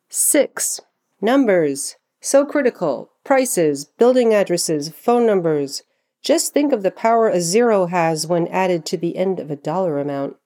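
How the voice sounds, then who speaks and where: Mellow-voiced woman teaching pronunciation. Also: fairly low pitch. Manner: slows down to model words clearly. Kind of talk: scripted instructional narration.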